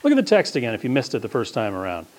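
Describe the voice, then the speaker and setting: A man's voice: mid-range voice, huge pitch swings, racing. A man preaching a sermon as pastor, talking in a conversational, emphatic way.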